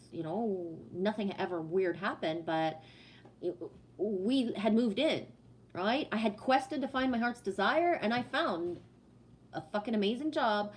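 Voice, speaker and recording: A woman's voice: mid-range voice, a little mellow. Woman in her forties telling heated, profane stories. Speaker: livestream host reading chat. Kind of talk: casual storytelling and chat.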